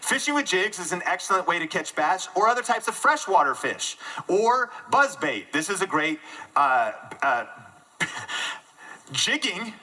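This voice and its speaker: A man giving an energetic live keynote talk to an audience in a room, joking at his own expense. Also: sits high, normal speed, low-quality recording. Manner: energetic and self-deprecating, jokes with the audience. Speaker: conference speaker.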